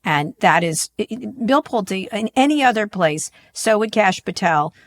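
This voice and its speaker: A woman's voice: medium pitch, lively intonation, unhurried. A woman co-hosting a podcast, talking bluntly and emphatically with frequent profanity. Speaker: podcast co-host. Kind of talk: casual opinionated chat.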